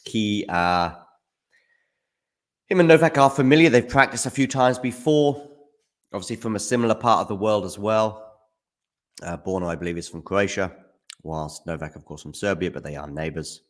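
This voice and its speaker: A man's voice: lowish voice, moderate pace, pauses often. A man hosting a live tennis watchalong, chatting casually with hums and fillers while snacking on chocolate. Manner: relaxed, musing, hums and fillers. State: eating chocolate while talking. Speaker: watchalong host.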